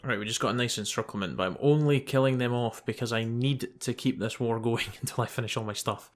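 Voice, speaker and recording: A man hosting a gaming channel, reading story text aloud with quick, steady narration and casual asides. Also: mid-range voice, soft background music.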